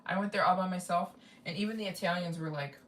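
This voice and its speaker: A woman travel vlogger chats loosely through a late live stream, looping back over her points and reading out donations as they arrive. Her voice sits a little low and is heard from a distance in a roomy space, with faint ambience behind her. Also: fast, a little hiss or hum. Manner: rambling, repeats herself, reads out donations. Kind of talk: casual live-stream chat.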